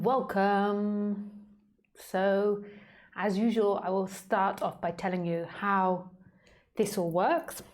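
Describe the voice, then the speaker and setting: Female stream host, unhurried and playful, casual chat from home on a webcam mic. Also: medium pitch, a little mellow. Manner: playful, chatty, many fillers. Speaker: live stream host and spiritual teacher.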